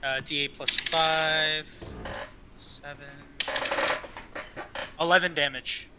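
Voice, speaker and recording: A man's voice: on the high side, steady tone, takes it slowly, heavy background noise. A young man playing a tabletop game, laid-back and a little hesitant as he asks about rules. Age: young adult. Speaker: player. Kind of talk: casual tabletop play.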